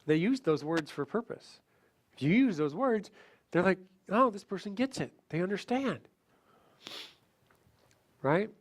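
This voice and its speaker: A man giving a sales training seminar, animated, acting out short client conversations as he teaches. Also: high voice, unhurried, pauses often. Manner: animated, acts out client dialogue. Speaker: seminar speaker.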